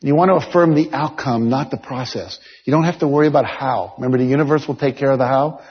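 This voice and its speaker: A man giving a motivational seminar talk to an audience, coaching listeners directly and telling stories with lively energy. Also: mid-range voice, fast talker, husky. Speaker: motivational speaker. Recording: dull lo-fi sound with long hall reverb.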